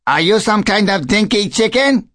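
Brash, teasing female mynah bird, played by a man, high and bouncy, storybook tone. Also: expressive, normal speed, a bit bright. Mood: taunting. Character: bossy sharp-tongued female mynah bird. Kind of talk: audiobook character voice.

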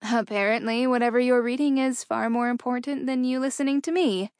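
A woman voicing a soft, hurt young fiancée. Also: fairly high pitch, normal speed, no room sound, clean studio sound, lightly acted. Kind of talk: audiobook character reading.

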